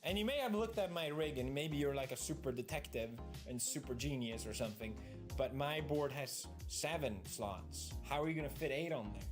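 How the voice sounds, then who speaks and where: A man vlogging about building a computer rig, animated and exasperated, breaking into shouted rants. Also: medium pitch, normal speed, over music. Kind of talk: energetic comedic vlog rant.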